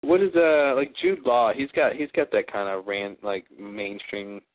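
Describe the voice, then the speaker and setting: A man's voice: lowish voice, steady tone, a little slow. A man chatting casually and joking, laughing often as he tries out accents. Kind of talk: casual chat. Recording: tinny phone-like sound.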